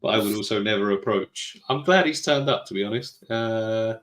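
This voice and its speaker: Here the British podcast co-host sounds fairly low-pitched and a bit bright, talking at a moderate pace with plenty of reverb. Reading chat messages aloud in a relaxed way, he ribs his co-host, argues with him, and keeps breaking into laughter.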